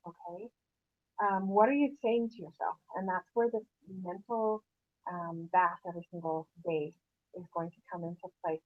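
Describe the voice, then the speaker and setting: A woman leading a motivational sales meeting, upbeat and animated, asking the room questions and laughing often. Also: medium pitch. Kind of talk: motivational sales talk to a group. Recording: tinny phone-like sound.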